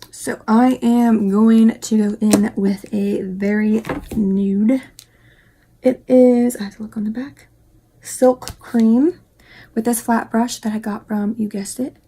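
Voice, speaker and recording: A young woman talks her way through a makeup tutorial, chatty and rambling, often muttering quiet asides to herself. Her voice is husky and a little gravelly, with a mellow, dark tone. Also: on the high side, fairly even intonation, slow pace. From West Virginia, US. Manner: chatty, rambling, self-talk asides, drops into whispers. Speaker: beauty vlogger. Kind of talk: casual makeup tutorial chat.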